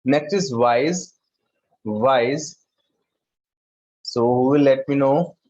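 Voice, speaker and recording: A male school teacher with an Indian English accent who talks slowly, repeats words and calls on students by name. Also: medium pitch, a little mellow, lo-fi sound. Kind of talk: online class lesson.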